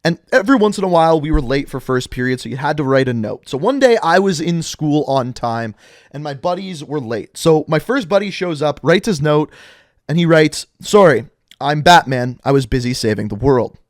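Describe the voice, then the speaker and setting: A young vlogger rambles through a story from his high school days, talking straight into the camera in a chatty way packed with asides and "like." His voice is slightly high with lively intonation at a normal speed. The audio is dry and close with no echo.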